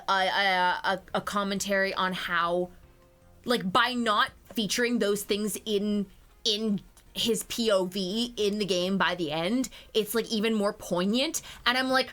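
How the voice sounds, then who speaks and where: A young adult woman streaming a game, talking casually, excitable and swearing freely. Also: medium pitch.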